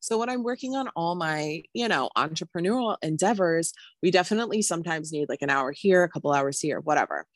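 A woman in her thirties co-hosting a podcast, telling a story in rambling casual chat with sudden high exclamations. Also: lively intonation, brisk, hardly any pauses, dry recording. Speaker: podcast co-host.

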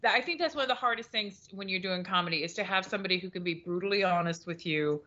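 A woman's voice: mid-range voice, fast, bright, forceful tone. A woman, a stand-up comedian, chatting casually in a blunt way and swearing freely. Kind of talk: casual chat. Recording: dull lo-fi recording.

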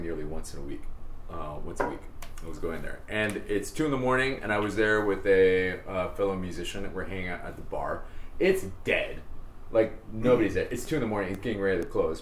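A man's voice: deep voice, a bit bright, slight background noise. A man hosting a casual podcast with his bandmates, telling a rambling anecdote with laughs. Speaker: band leader and podcast host. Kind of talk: casual storytelling among friends. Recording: roomy mic with faint ambience.

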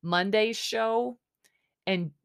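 A woman's voice: medium pitch, extremely slow, gravelly, clean tone. A woman hosting a podcast, recapping a dating show in casual chat, exasperated and sarcastic with lots of fillers. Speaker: podcast host.

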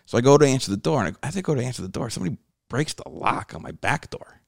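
A man's voice: medium pitch, rapid-fire, creaky, no echo, studio quality. A male comedian telling a story on a casual podcast. He swears freely and acts out other people's lines as he goes. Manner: animated, swears freely, acts out quoted dialogue. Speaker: guest comedian.

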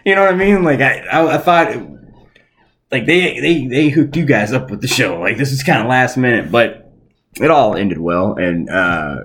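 A man's voice: medium pitch, expressive, moderate pace, a bit bright. A middle-aged man co-hosting a podcast, telling a story in casual chat, laughing often and swearing freely. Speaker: podcast co-host.

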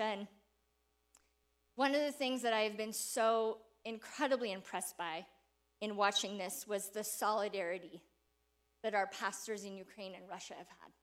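A woman with a medium-pitched voice gives a sermon, telling a personal story with animated delivery and frequent laughter before turning to an earnest call.

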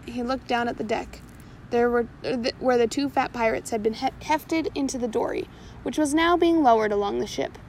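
A woman's voice: a little high, moderate pace, a little hiss or hum, poor audio. A woman reading a pirate storybook aloud, now and then stumbling and correcting herself. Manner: reads with small slips and self-corrections.

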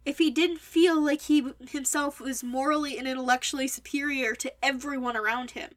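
A young adult woman with a high voice delivers a critical book review monologue. She is opinionated and wordy, picking the writing apart point by point. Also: fairly even intonation, brisk.

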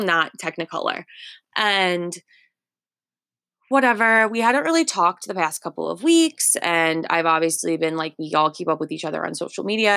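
A woman's voice: fairly low pitch, creaky, a bit bright, no room sound, clean studio sound. A young woman in her twenties telling a story on her podcast, chatty and full of filler words. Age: 20s. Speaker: podcast host. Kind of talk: casual storytelling monologue.

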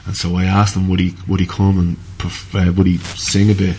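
A male musician guest from Ireland, chatting casually in halting, self-correcting speech with many fillers. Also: deep voice, monotone, slight background noise. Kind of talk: casual chat, then singing live with guitar. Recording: loud guitar music throughout.

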